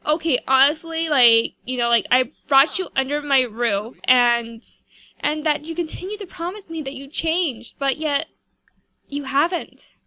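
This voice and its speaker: A woman's voice: high voice, a little slow, bright, forceful tone. A woman voicing a fed-up young woman scolding. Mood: exasperated. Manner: exasperated, lecturing. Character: angry young woman scolding her partner.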